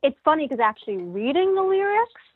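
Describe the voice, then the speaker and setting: A woman's voice: high voice, very animated, a little fast, dry recording. A woman co-hosting a podcast, chatting eagerly about a singer's vocal style and laughing often. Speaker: podcast co-host. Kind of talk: casual chat about music. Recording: tinny phone-like remote line.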